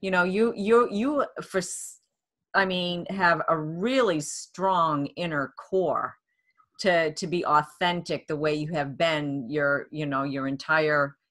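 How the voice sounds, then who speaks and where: Woman interviewer, supportive, hesitant phrasing, lowish voice. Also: takes it slowly, a bit bright. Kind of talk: interview questions and backchannel.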